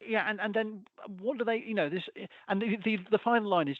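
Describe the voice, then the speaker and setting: A man's voice: sits high, brisk, dry recording. A man as a guest in a casual chat, rambling, restarting his sentences and chuckling through asides. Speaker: guest folklorist. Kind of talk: casual conversation. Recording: dull, dry sound.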